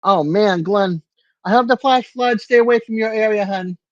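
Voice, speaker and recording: A man's voice: high voice, moderate pace, dry recording, muffled recording, soft background music. An older man hosting a casual livestream from his apartment, answering viewers by name in a chatty way. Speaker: livestream host.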